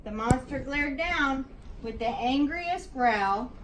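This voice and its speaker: Teacher reading aloud: woman, slow and rhythmic, heard from a distant mic. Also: high voice, expressive, a bit bright, slight background noise. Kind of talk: reading a picture book aloud to a class. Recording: echoey room, distant mic.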